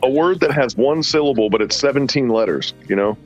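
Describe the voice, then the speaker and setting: Male host, easygoing rambler, mid-pitch, muffled lo-fi sound with soft music under it. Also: expressive, brisk. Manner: rambling storyteller, drawling, says "man" often. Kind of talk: casual banter.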